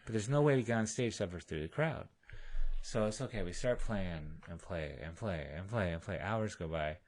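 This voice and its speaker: A low-pitched man spins loose, animated stories about life on the road, dropping into other people's voices as he quotes them. His talk is casual and laughing, full of restarts. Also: normal speed. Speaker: podcast guest, musician. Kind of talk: casual storytelling.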